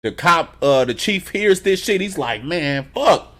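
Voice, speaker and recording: A man giving a casual reaction review of a TV episode, retelling scenes in an animated, profane way with chuckles between remarks. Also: high-pitched, normal speed.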